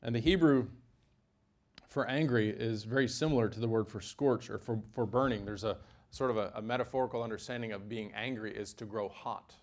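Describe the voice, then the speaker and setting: Animated male preacher giving a sermon. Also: brisk. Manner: animated, sudden rises in pitch and loudness, dry asides.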